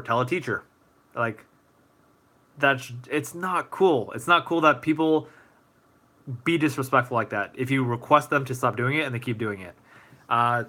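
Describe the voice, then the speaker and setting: Man, live-stream Q&A host, bright tone, relaxed and chatty, reads out viewer questions. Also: medium pitch. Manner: chatty and easygoing, heavy use of fillers, reads viewer comments aloud.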